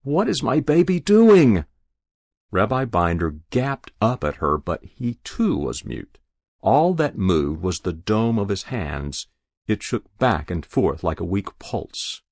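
Slow, expressive low-voiced male narrator. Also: no echo, studio quality. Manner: measured, expressive storytelling. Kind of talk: literary fiction reading.

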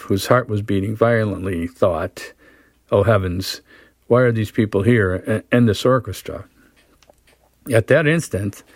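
A man reading a story aloud at a measured pace, then explaining it with casual fillers as a teacher. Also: fairly low pitch, darkish tone, no room sound. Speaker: literature teacher.

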